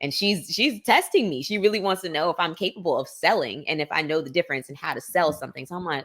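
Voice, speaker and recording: A woman in her thirties with a low, full voice tells stories in casual podcast chat. She is animated and jumps up into a higher voice whenever she quotes someone. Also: quick pace, hardly any pauses, slight background noise. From Maryland, USA. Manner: animated storyteller, acts out quoted lines in a higher voice. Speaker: podcast guest.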